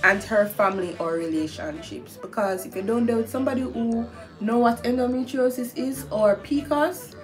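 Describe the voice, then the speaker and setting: A woman's voice: on the high side, moderate pace, faint music behind. A young woman with a Jamaican accent hosting a casual chat over a meal, chatty and agreeable with patois phrases. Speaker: host.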